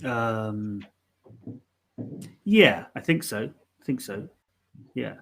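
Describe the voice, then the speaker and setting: Speaking very slowly in a fairly low, gravelly yet fairly bright voice, this co-host of a live learning stream sounds animated. He explains pronunciation in a casual, hesitant way, piling on ums, fillers, and restarts.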